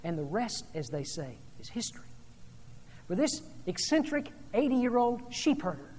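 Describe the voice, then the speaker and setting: A woman preacher delivering a sermon, telling a story and then speaking in hushed, earnest tones. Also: fairly low pitch, big pitch swings, unhurried, slight background noise. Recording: long hall reverb.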